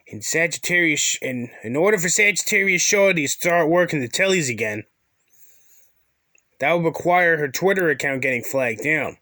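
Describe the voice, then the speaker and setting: A man with a fairly high voice and a dry, close sound, delivering sneering commentary. He is crude, sarcastic and insulting throughout. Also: animated, normal speed, bright, forceful tone, dry recording. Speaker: commentator reacting to a video. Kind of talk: mocking commentary.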